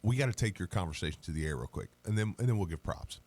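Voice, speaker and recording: A man with a low, deep voice co-hosts a sports radio show from a studio. His delivery is animated and swings widely in pitch. He tells stories in loose banter and laughs along the way. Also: fast talker. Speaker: radio co-host.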